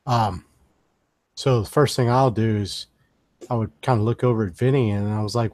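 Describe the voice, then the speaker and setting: A man's voice: lowish voice, fairly even intonation, normal speed, long pauses, darkish tone, dry recording. A man playing a tabletop role-play game, joking as he narrates his character's actions. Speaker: player.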